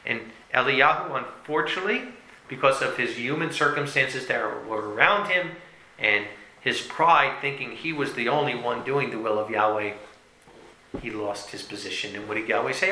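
A man preaching a sermon, reading scripture aloud and then commenting on it, swinging from loud emphasis to hushed lines. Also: mid-range voice, normal speed, echoey room, a little hiss or hum, rough recording.

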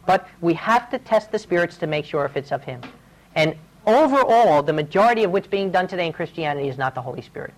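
A man's voice: on the high side, animated, fast talker, poor audio. A male preacher giving a sermon, telling his own stories in an earnest, urgent way.

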